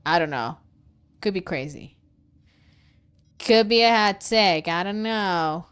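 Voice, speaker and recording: A woman livestreaming a game, chatting casually with her viewers; she is excitable, swears freely and laughs often. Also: fairly low pitch, slow, clean tone. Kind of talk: casual gaming livestream chat.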